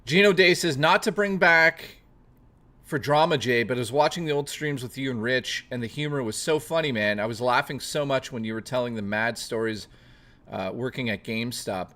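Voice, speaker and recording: A man's voice: mid-range voice, moderate pace, sharp tone. A man hosting a casual chat stream, rambling and joking with plenty of swearing, greeting chat readers by name. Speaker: livestream host.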